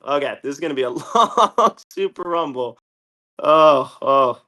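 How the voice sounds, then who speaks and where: Excitable young man calling a game. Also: fairly high pitch. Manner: excitable, shouts and laughs often; stumbles with quick restarts. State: a bit out of breath. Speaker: host. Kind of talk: live game commentary.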